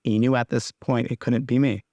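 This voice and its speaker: A young man hosting his own podcast, talking candidly and haltingly, with frequent restarts and casual swearing. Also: mid-range voice, fairly even intonation, dark tone, no echo, dull audio. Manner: rambling, halting, restarts often. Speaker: podcast host. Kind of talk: candid personal podcast monologue.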